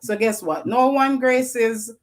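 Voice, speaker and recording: A woman's voice: fairly high pitch, slow pace. Effusive Jamaican woman hosting a livestream. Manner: effusive, greets viewers by name, repeats phrases. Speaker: livestream host. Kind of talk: live-stream greetings to viewers.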